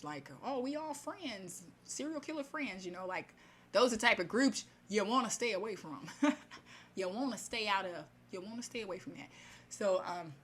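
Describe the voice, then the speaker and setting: A woman retelling a fairy tale in her own casual words, chatty and animated, with many fillers and asides. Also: fairly low pitch, slight background noise. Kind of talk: casual spoken retelling of a story.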